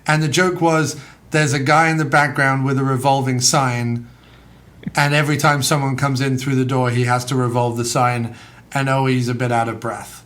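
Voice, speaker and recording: A man's voice: medium pitch, flat delivery, a bit bright. A man in casual podcast chat, sarcastically acting out imagined conversations as he riffs on movie topics. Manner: sarcastic, acts out mock dialogues in quick bursts. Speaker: podcast co-host.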